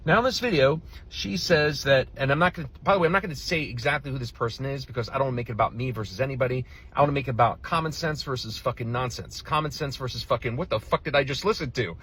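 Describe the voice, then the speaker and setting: A man's voice: medium pitch, fast talker, few pauses, fairly bright tone, a little hiss or hum. A male relationship coach reacting to another video in a blunt, heated, profane rant. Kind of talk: reaction commentary.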